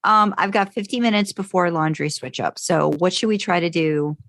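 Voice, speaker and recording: Low-voiced American woman, scattered chatter. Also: fairly bright tone, no room sound. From United States. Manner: scattered, halting, many restarts and fillers. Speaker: podcast co-host. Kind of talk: casual chat between podcast co-hosts.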